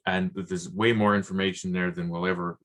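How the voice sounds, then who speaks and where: Male host from Ontario, Canadian accent, hesitant delivery with fillers, slightly low voice. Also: flat delivery, fairly bright tone. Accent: Southern Ontario Canadian. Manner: halting, many restarts and fillers. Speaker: podcast host. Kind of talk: casual interview chat.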